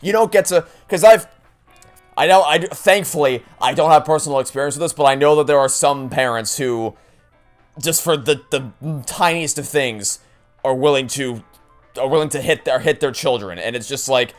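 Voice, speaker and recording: An indignant young man rants over a game, restarting sentences as his outrage builds. His tone is exasperated and blunt, at a medium pitch. Faint music plays underneath. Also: moderate pace. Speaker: let's play gamer. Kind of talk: ranting gameplay commentary.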